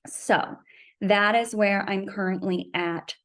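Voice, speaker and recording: Woman running vlogger, casual chatty story mode, middle pitch voice. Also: steady tone, takes it slowly. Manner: chatty storytelling, acts out conversations with raised pitch. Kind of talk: casual vlog chat.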